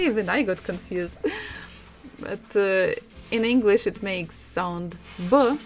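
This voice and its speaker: A woman with a Russian accent teaching a language lesson, slowly repeating words and laughing often. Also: mid-range voice, gravelly, soft background music. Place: home room.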